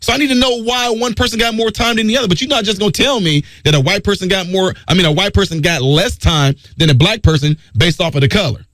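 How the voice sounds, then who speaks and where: A man's voice: high voice, quick pace, hardly any pauses, fairly bright tone, no echo, studio quality. A man hosting a talk radio show, delivering an emphatic, preachy monologue and repeating his key phrases.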